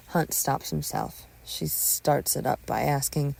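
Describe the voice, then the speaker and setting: A woman narrating a scripted audio story in an expressive storytelling manner on a close mic. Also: a bass voice, slow pace, gravelly, few pauses, husky, no echo.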